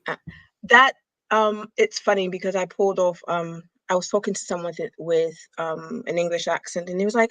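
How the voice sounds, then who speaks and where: A woman's voice: lowish voice, fairly even intonation, normal speed, a bit bright, dry recording, rough recording. A woman in casual conversation, playful, who likes slipping into put-on accents. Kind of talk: casual chat.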